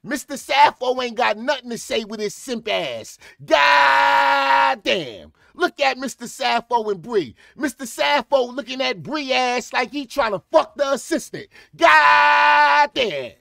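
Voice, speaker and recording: A man giving profane comedic reaction commentary, ranting and breaking into sudden shouted outbursts. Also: very high-pitched, expressive, moderate pace, gravelly, hardly any pauses, no echo, studio quality.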